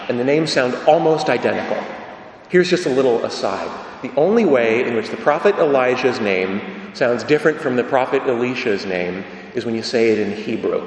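A man giving an emphatic sermon, asking rhetorical questions and repeating key phrases. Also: medium pitch. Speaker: preacher. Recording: echoey church from a distance.

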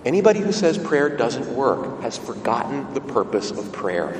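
A man preaching a sermon as pastor, animated and conversational, asking the congregation rhetorical questions. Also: medium pitch, normal speed, slight background noise. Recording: roomy hall sound from a distant mic.

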